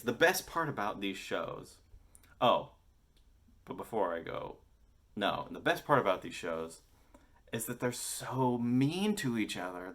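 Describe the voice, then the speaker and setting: American man in his thirties, deep voice, rambling enthusiastic vlogger who curses a lot. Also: fairly bright tone. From United States. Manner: enthusiastic, rambling, swears often. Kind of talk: casual chat to camera.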